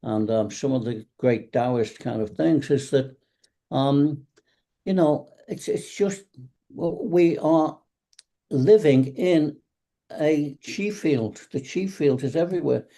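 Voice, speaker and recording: A man with a fairly high, warm voice speaks at a slow pace. He teaches tai chi and qigong and is chatting on a video call for a casual online panel, rambling through anecdotes and acting out what cab drivers said to him.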